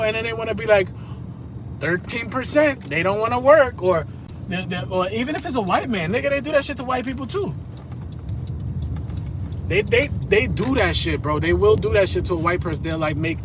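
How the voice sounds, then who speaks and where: A man's voice: on the high side, background noise. A man in his thirties telling rambling, profane stories in streetwise slang on a live stream. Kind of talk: casual storytelling rant.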